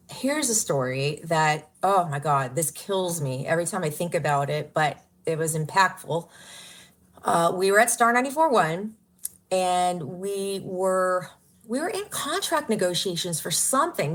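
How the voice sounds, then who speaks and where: A radio personality, appearing as a podcast guest, tells her story earnestly in an interview. Her voice is lowish with a fairly bright tone, and she comes across as emotional, breaking into laughter and exclamations.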